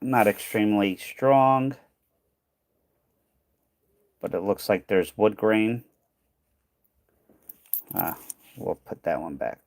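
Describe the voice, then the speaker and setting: On a relaxed coin sorting livestream, the channel host speaks in a lowish, animated, slightly mellow voice, taking his time with long pauses and no echo. He muses aloud and trails off, clearly tired and losing his voice.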